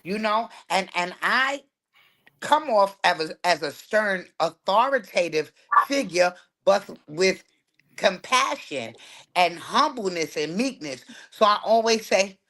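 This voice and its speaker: A woman's voice: medium pitch, expressive, takes it slowly, fairly bright tone. A woman in casual chat, talking emphatically and with a preachy edge.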